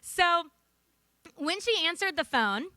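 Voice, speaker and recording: A young woman speaking at a conference, earnest and lightly humorous as she weaves a personal story into a prepared talk. Her voice is high and bright. The sound is dry and close, taken from a podium microphone. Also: animated, slow, no room sound. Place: conference room.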